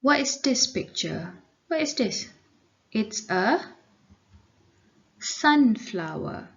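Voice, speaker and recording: A woman's voice: fairly high pitch, very animated, very slow, gravelly, dull audio. A woman teacher with a Malaysian accent giving a recorded English lesson to children, explaining patiently and mixing in Malay words. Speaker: primary school English teacher.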